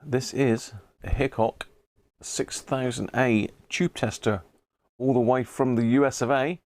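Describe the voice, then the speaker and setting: A man's voice: medium pitch, fairly even intonation, a little slow, a little mellow. A middle-aged British man hosting a live stream, chatting casually and greeting viewers by name between frequent chuckles. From Britain. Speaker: live-stream host, radio restorer.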